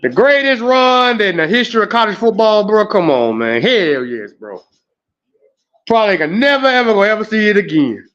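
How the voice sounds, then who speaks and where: A man hosting an emotional live stream, animated, groaning and exclaiming as he talks. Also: sits high, normal speed, highs cut off. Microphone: home streaming setup.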